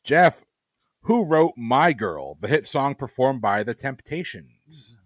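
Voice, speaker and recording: A man's voice: medium pitch, big pitch swings, slow, dry recording. A man hosting a trivia game, reading questions and teasing the players with dry humor. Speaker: trivia quizmaster.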